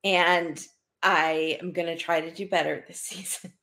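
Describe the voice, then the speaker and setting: A woman's voice: fairly low pitch, steady tone, unhurried, bright, forceful tone. A woman co-hosting a casual podcast chat, recapping with easy laughs and small restarts. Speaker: podcast co-host.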